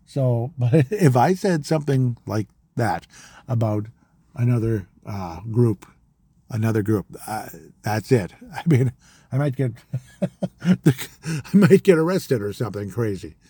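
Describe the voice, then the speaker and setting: Rambling man with a mellow voice. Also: mid-range voice, animated, measured pace, breathy edge, no room sound. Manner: rambling, repeats words, gets heated. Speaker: podcast host. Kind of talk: casual opinion monologue.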